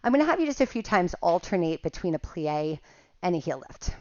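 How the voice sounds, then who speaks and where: A woman's voice: on the low side, sing-song, fairly quick, a little mellow, dry recording, lo-fi sound. A woman teaching a Pilates workout at home, cueing each move with counts, a little out of breath. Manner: cueing moves with counts, laughing at herself. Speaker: Pilates instructor. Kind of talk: guided workout instruction.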